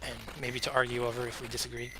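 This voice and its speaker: A man's voice: mid-range voice, completely flat delivery, sharp tone, a little hiss or hum. A man hosting a casual live game stream from home, out of breath, chatty and joking with asides. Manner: chatty, self-deprecating, with fillers and quick asides.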